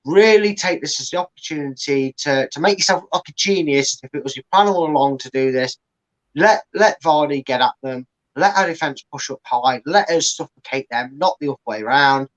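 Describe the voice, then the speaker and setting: A man's voice: fairly high pitch, a little fast, rough recording. Ranting male football fan co-host. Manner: ranting, acts out the manager and players in little put-on voices. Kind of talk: casual post-match chat.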